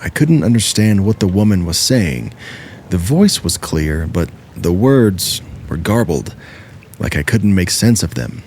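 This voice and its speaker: A man narrating true scary stories in a steady, measured first-person reading. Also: deep voice, a little hiss or hum. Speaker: horror story narrator.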